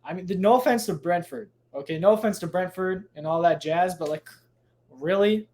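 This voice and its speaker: A man's voice: sits high, moderate pace, a little mellow. A man hosting a solo podcast, rambling casually with lots of swearing, restarts and tangents, recording at home late at night. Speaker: podcast host.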